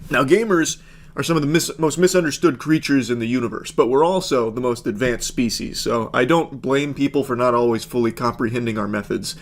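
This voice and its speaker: A man hosting a comedic commentary video, reading and reacting with sarcastic, deadpan asides. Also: medium pitch, fairly quick. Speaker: commentary host.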